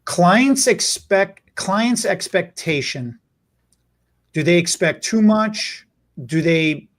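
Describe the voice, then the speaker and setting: A man who teaches hair extension work, talking bluntly and with some profanity in a casual podcast chat, often stammering when he restarts a thought. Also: on the high side.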